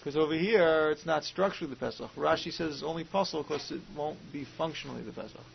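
A man teaching a Talmud class talks at a quick pace in a fairly high, creaky voice, questioning and reasoning aloud with Hebrew and Aramaic vocabulary. The audio is muffled and lo-fi, carrying a faint hiss.

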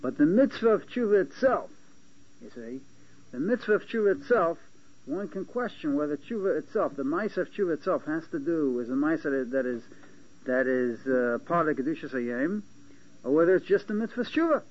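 A man giving a Talmudic lecture to a small class, halting and restarting often and checking that his listeners follow. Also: a little high, expressive, breathy edge. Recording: dull lo-fi lecture recording with faint hiss.

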